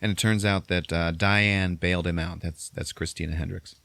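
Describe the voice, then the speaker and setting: A man's voice: sits low, fairly even intonation, moderate pace, gravelly, fairly bright tone, no echo. A man hosting a podcast, recapping a movie in a casual, profane, rambling way. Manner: profane, rambling storytelling with fillers. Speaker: podcast host.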